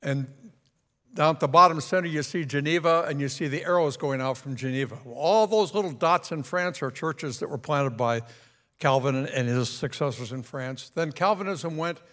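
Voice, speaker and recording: A man's voice: fairly high pitch, a bit bright. A man teaching a Sunday school class on church history in a conversational lecture, asking the class questions and pointing out a map.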